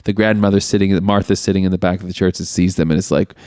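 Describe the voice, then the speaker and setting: A man's voice: quick pace, smooth, dry recording. Man recapping a film, dry close sound. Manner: animated retelling, acting out quotes in high voices. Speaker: podcast co-host. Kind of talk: casual movie recap chat.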